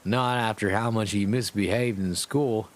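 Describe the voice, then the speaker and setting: A man voicing a rude, scornful old male headmaster wizard in a deadpan reading of a fan story. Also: fairly low pitch, normal speed, close to an everyday voice. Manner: mean, dismissive.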